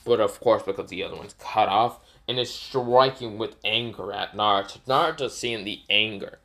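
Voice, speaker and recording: A man's voice: lowish voice, moderate pace, bright, forceful tone. A man casually narrating an improvised fan story, rambling with many fillers and self-corrections.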